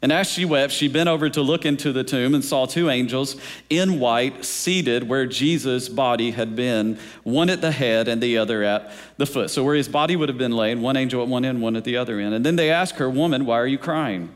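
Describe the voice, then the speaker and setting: A man's voice: mid-range voice, brisk. A man pastor preaching a sermon in a church, with a rhythmic delivery that keeps asking the congregation whether they are following. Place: church sanctuary. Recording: long reverb of a large hall.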